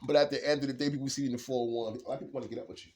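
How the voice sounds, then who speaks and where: A man giving a casual, rambling tarot card reading, laughing often and swinging between low mutters and loud bursts. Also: steady tone, racing.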